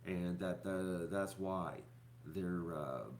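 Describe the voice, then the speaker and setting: A man hosting his own channel, talking to viewers in a rambling, halting way full of fillers and restarts, sounding depressed and upset. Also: deep voice, a little mellow, a little hiss or hum. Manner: halting, repeats words, many fillers. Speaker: YouTuber host. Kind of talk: rambling live-stream talk to viewers.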